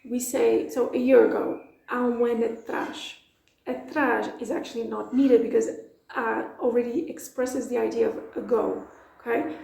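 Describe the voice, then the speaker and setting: A woman's voice: on the high side, fairly even intonation, moderate pace, gravelly, dark tone, echoey room, low-quality recording. A woman from Portugal, teaching in a casual, playful way with lots of examples. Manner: chatty, playful, explains with examples. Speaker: language teacher. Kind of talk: casual video lesson.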